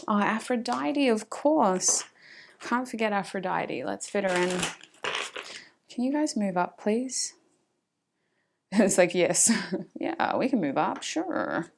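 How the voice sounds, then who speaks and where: Chatty Australian woman, a slightly gravelly voice. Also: mid-range voice, a little hiss or hum. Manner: chatty, talks to spirit and viewers, laughs often. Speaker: tarot reader. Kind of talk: casual tarot reading.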